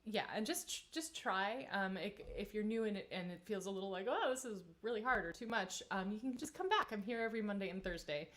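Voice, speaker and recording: A woman in her thirties, a vocal coach leading a live-streamed singing warm-up, chatty and encouraging, with many fillers. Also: mid-range voice, lively intonation, fairly quick, few pauses.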